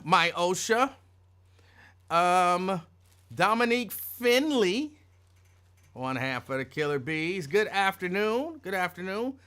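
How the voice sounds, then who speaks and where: Excited guy hosting a show, voice jumps all over, bright and sharp, shouts names then mutters. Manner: excitable, voice swings from raised shouts of names to low asides. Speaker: radio show host. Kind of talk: casual call-out greetings to listeners.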